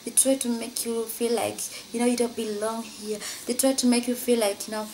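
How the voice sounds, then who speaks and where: A woman's voice: level tone, moderate pace, a little mellow, a little hiss or hum. Woman saying "you know" constantly. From Africa. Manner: says "you know" constantly, voice rising high when quoting. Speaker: vlogger. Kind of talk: personal story vlog.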